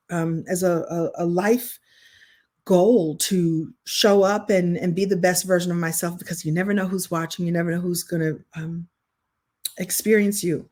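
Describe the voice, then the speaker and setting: Expressive middle-aged woman writing coach. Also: fairly low pitch. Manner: expressive, chatty storyteller with frequent restarts. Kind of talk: online masterclass teaching.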